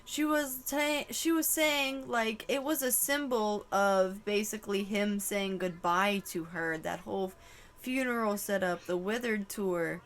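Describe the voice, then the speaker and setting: A woman's voice: mid-range voice, fairly even intonation, a little slow. A woman giving a casual channeled tarot reading to camera, emotional and exclaiming, swearing casually. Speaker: tarot reader.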